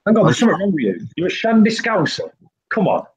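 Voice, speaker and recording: A man's voice: sits high, very animated, quick pace, slightly rough. A man from the north of England chatting casually on a stream, bantering and teasing the others. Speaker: live stream chat participant. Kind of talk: casual chat.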